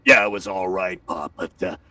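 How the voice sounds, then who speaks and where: Man putting on a lowered, menacing schoolboy tough, dry and a bit off-mic. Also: normal speed, bright, forceful tone, dry recording, distant mic. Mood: mock-menacing. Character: tough-talking twelve-year-old boy, gruff and menacing.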